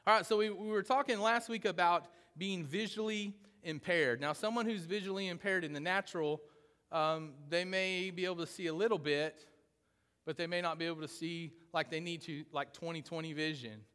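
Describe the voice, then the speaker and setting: A man's voice: sits high, normal speed, pushed and bright, clear, resonant tone, long reverb tail. A man preaching a sermon in a casual, conversational way, often checking in with the congregation. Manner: conversational teaching, often asks "right?". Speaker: pastor.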